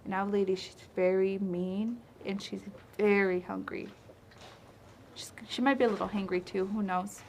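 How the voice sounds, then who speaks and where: Brief: woman storyteller, middle pitch, casual asides, traditional tale in a library. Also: normal speed, slight background noise. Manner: relaxed, chatty telling with asides.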